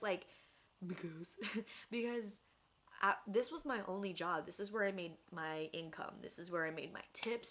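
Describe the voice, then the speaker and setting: A woman's voice: on the low side, a bit bright. A young woman vlogger telling a personal story in a chatty, casual way, filling with "like" and acting out what people said. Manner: chatty, lots of "like", acts out quotes. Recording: faint background noise.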